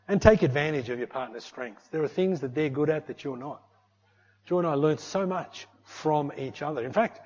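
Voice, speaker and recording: A middle-aged man preaching a sermon in an animated, conversational way, often tagging his sentences with "eh" and "hey". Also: mid-range voice. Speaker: pastor. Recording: muffled lo-fi recording.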